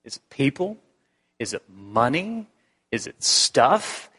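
A man's voice: medium pitch, very animated, takes it slowly, bright, forceful tone, husky. Preaching man in a reverberant church hall. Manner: conversational, repeats words, rhetorical questions. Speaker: pastor. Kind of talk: sermon.

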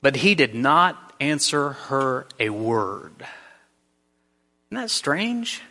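Bright-voiced preacher man in a reverberant hall. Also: medium pitch, big pitch swings, extremely slow. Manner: conversational preaching with frequent restarts. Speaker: pastor. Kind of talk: sermon.

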